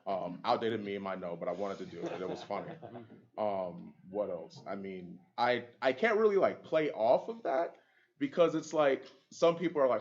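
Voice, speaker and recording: A man's voice: fairly low pitch, animated, normal speed, a little mellow. A man on a panel, a game caster, telling stories in a casual, laughing way with many fillers. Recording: dull lo-fi audio.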